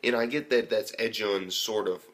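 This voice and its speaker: Young man, casual anime review, profane, rambling, excitable. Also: lowish voice, normal speed.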